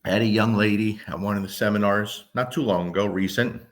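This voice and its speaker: A man's voice: lowish voice, fairly even intonation, fairly quick. A man, a dog trainer, talking casually to camera, emphatic and blunt, often asking the listener whether they understand. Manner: emphatic, keeps checking in with the listener.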